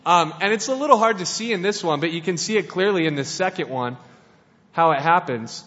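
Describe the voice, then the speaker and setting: A man's voice: fairly high pitch, lively intonation, a little fast, fairly bright tone. A man giving a casual sermon, playful and conversational, with many restarts. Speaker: preacher. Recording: dull, lo-fi sound in a reverberant hall.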